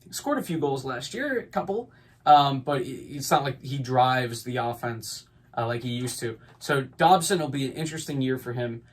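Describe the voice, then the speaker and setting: A man's voice: medium pitch, lively intonation, normal speed. Chatty man with casual hockey takes. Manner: rambling, filler-heavy, upbeat opinions. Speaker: podcast host. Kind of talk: casual sports talk.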